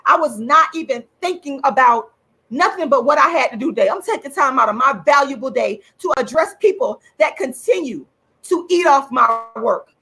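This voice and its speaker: A woman's voice: sits high, animated, moderate pace, bright, forceful tone, slightly rough. A woman hosting her own channel, ranting angrily on a livestream in a profane, repetitive way, enraged. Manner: furious, profane, repeats points for emphasis. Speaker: channel host and activist. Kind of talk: angry livestream rant.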